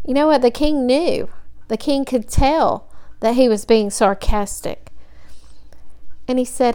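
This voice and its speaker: A woman's voice: a little high, steady tone, slow, dark tone, clean tone. A woman teaching a Bible study, retelling scripture scenes in a vivid storytelling manner.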